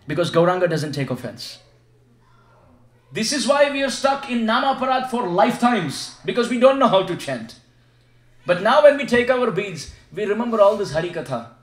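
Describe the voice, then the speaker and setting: Male spiritual teacher, high voice, call-and-response sermon style, echoey home recording. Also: sing-song, moderate pace. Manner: asks the audience questions and leads them in repeating chants. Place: devotee's home, gathering room. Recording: echoey room sound.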